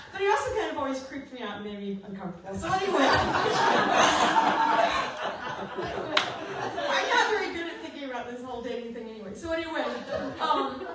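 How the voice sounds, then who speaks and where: Middle-aged woman songwriter, chatty and self-mocking, a bit high, heard from across a very echoey living room. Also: noisy background. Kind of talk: storytelling at a house concert. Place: living room house concert. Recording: roomy, distant mic.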